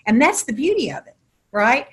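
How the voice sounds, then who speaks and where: A woman's voice: high-pitched, very animated, moderate pace. Podcast guest: middle-aged woman, Southern drawl, storyteller who leans on folksy metaphors. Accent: Southern American. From American South. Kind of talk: podcast interview.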